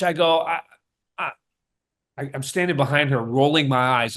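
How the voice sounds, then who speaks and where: Emphatic storytelling man, slightly high. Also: moderate pace, a bit bright. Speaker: chiropractor, podcast guest. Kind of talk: casual podcast interview.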